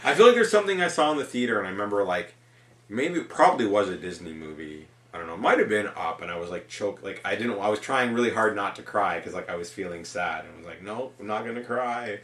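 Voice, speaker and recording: A man's voice: fairly low pitch, expressive, fast, a bit bright. A man co-hosting a casual podcast chat, rambling with lots of fillers. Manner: rambling, filler-heavy, laughing. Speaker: podcast co-host. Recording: roomy and distant from the mic.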